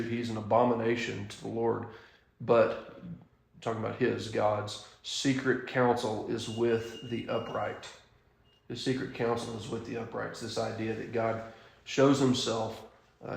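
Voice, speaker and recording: A man's voice: medium pitch, creaky, reverberant. A man leading a Bible study in a church room, blunt and emphatic, with frequent "um"s and restarts.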